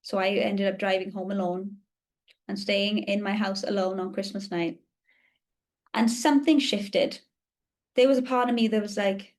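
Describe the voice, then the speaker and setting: A woman's voice: medium pitch, fairly even intonation, moderate pace, long pauses, a little mellow. Woman telling a candid personal story. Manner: candid, confessional, emotionally open. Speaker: podcast host.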